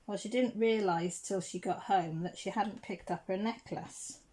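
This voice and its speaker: A middle-aged English woman telling a rambling home story while crafting, clearing her throat now and then. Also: mid-range voice, measured pace, darkish tone. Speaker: crafting channel host.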